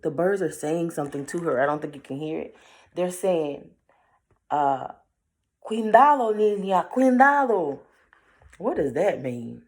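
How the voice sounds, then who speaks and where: A woman reading a picture book aloud and chatting playfully to the listener about the pictures. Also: low voice. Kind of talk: read-aloud with chatty commentary.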